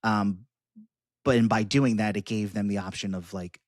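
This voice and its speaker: Low-voiced man rambling through a film review. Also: steady tone, moderate pace, no room sound, clean studio sound. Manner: rambling, many fillers and restarts. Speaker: podcast co-host. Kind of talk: casual film review chat.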